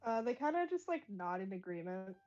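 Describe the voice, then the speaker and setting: Giggly woman player, mellow tone. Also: mid-range voice, sing-song, brisk, muffled recording, soft background music. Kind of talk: casual role-play chat.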